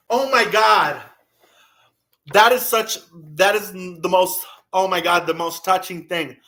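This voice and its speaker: Man with a high voice gushing slowly on a livestream, all sing-songy and emotional. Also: bright, forceful tone, roomy sound, low-quality recording. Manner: effusive, gushing, sing-song. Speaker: channel owner thanking subscribers.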